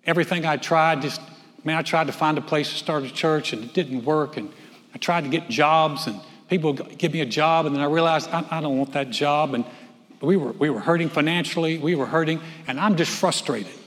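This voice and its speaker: A man preaching a sermon from the pulpit, animated, swinging from loud calls to hushed telling. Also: on the high side, a little fast. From North Carolina. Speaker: pastor. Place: church sanctuary. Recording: long church hall reverb.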